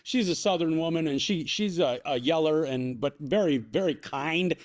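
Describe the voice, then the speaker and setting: A man co-hosting a podcast, talking in an emphatic, excitable way and swearing freely. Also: fairly high pitch, moderate pace. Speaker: podcast co-host and content creator. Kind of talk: casual podcast conversation.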